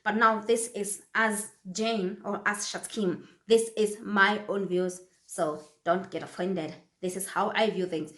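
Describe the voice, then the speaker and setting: A woman's voice: medium pitch, fairly even intonation, measured pace, hardly any pauses, a bit bright, reverberant. A woman from Kenya, talking casually to camera as a vlogger and repeating phrases for emphasis.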